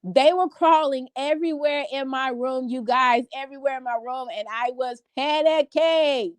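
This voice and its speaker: Woman vlogger in her 30s, higher voice, dry close sound, chatty storyteller. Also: moderate pace, smooth, no echo. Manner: animated storytelling with many fillers. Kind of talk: casual chat to a live audience. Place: home bedroom.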